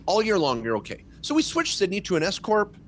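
A man's voice: sits high, brisk, a little hiss or hum. A middle-aged man, a tax lawyer guest, talking in casual podcast chat and telling stories with emphasis. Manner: animated, emphatic storytelling.

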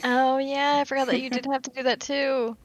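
A woman co-hosting a casual podcast, telling stories in an animated, chatty way with some casual swearing. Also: high-pitched, fairly quick, no room sound. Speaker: podcast co-host.

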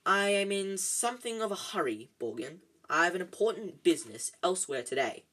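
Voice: medium pitch, big pitch swings, fairly quick, sharp tone, husky, voice pushed up, exaggerated voice. A reader voicing a cold, haughty, wealthy man who speaks curtly. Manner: cold, curt.

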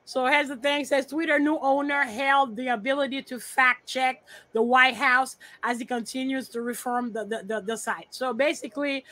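Blunt, profane woman, fairly high voice. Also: sharp tone, poor audio. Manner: blunt, profane, muttering to herself. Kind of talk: casual chat while sorting files on screen.

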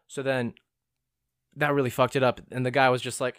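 A man's voice: mid-range voice, steady tone, a little fast, a bit bright, dry recording, studio quality. A young man in his twenties rambling casually through a self-deprecating, profane monologue as a vlogger.

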